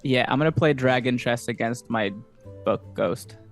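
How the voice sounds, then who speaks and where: Loud, brisk, playful male player, mid-pitched voice. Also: soft background music. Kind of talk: casual chat in a tabletop game.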